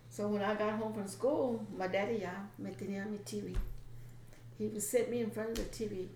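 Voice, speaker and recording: A woman's voice: mid-range voice, fairly even intonation, fairly quick, a little mellow, reverberant, a little hiss or hum, rough recording. A woman with a Texan accent whose first language is Spanish, telling stories in casual chat and laughing as she talks. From Texas. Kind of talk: casual storytelling.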